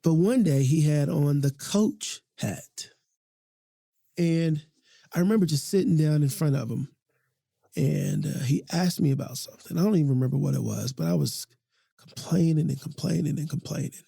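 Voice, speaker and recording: A man hosting a podcast in a recording studio speaks at normal speed in a husky, dark voice on the high side, with vocal fry and no room sound. He's casual, passionate and slangy, repeating himself often in heartfelt conversation.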